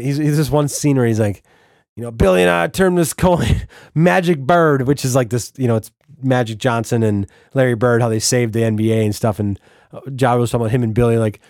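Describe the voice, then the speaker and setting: Male podcast host, middle pitch, salty and exasperated solo rant, dry close-mic read. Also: no echo. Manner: profane, animated, exasperated rant with restarts.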